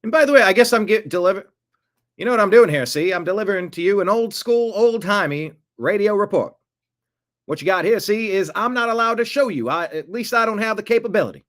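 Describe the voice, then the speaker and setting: A man's voice: high-pitched, expressive, fairly quick, a bit bright, voice pushed up. A man putting on an old-timey 1920s gangster-style radio reporter voice, with clipped tough-guy patter that tags lines with "see?". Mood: playful.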